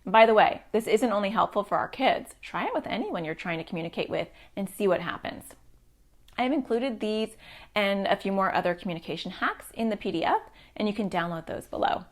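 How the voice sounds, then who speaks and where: Reassuring middle-aged woman therapist. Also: mid-range voice. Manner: direct and reassuring, addressing parents. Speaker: child therapist. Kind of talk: parenting advice talk to camera.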